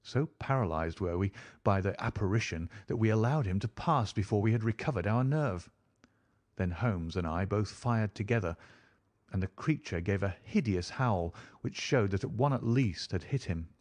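A man reading an audiobook aloud in a steady, dramatic storytelling manner. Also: fairly low pitch, normal speed. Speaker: audiobook narrator. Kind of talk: scripted narration.

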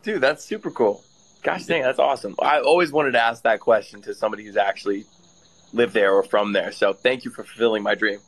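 A man from Florida chatting on a livestream, excitable and slangy, calling the other man "bro" and "dude". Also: on the low side, a little fast, poor audio. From Florida, USA. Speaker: livestream guest. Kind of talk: casual livestream chat.

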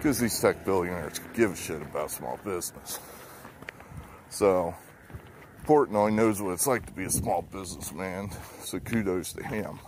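A man's voice: low voice, normal speed, background noise. A man giving rambling, blunt political commentary with swearing and many fillers while walking outdoors, slightly out of breath, recorded on a handheld phone. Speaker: political vlogger. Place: outdoors on a neighborhood walk.

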